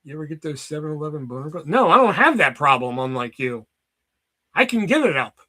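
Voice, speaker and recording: High, bright-voiced man ranting casually. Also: very animated, fairly quick. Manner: rambling, profane, joking. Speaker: streamer. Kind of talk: casual chat. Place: basement at home.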